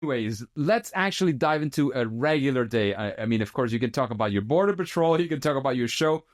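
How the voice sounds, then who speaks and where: A man hosting a podcast, asking relaxed, curious interview questions. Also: mid-range voice, fast talker. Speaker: podcast host.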